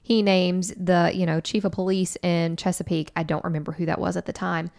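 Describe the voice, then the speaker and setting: A woman co-hosting a podcast, summarizing and weighing claims in a measured way. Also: lowish voice, vocal fry. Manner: measured, even-handed. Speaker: podcast co-host. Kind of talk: casual commentary.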